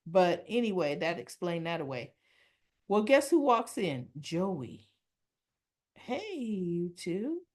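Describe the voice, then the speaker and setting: A woman's voice: on the low side, very animated, a little slow. A woman casually recapping a soap opera episode, rambling and correcting herself with chatty asides.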